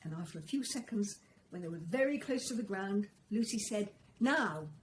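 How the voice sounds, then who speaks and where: A woman reading a children's story aloud, in a gentle, expressive storytelling manner. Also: mid-range voice, brisk, a little hiss or hum, poor audio.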